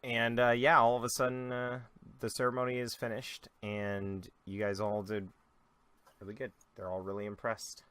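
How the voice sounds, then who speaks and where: Bright-voiced young man running a game. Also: mid-range voice, moderate pace, smooth, no room sound. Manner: relaxed, loose storytelling with many fillers. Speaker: dungeon master. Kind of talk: narrating a tabletop game.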